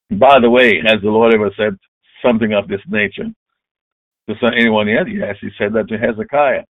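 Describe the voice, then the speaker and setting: A man preaching a sermon, retelling a scripture story with emphatic, dramatic delivery and loud exclamations. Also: on the low side, moderate pace, no room sound. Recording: tinny phone-like dry sound.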